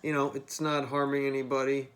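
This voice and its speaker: A man's voice: mid-range voice, monotone, brisk, fairly bright tone. Casual, profane man rambling to camera. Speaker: vlogger.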